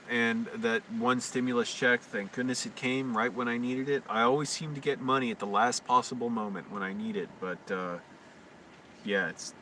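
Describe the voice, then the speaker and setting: A man rambling through a late-night livestream monologue, talking quietly and anxiously to himself with frequent restarts. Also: on the low side. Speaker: live streamer. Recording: distant mic with constant hum.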